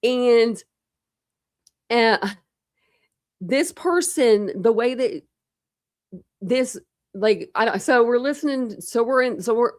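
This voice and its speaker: A woman's voice: medium pitch, dry recording, studio quality. A woman hosting a casual true crime livestream, rambling chattily with lots of fillers and restarts.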